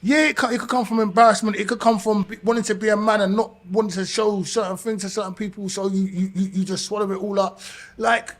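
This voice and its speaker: High-ish guy hosting a podcast, acts out quotes when telling stories. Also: fast talker. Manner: animated storyteller, acts out quotes. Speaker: podcast host. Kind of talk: casual chat.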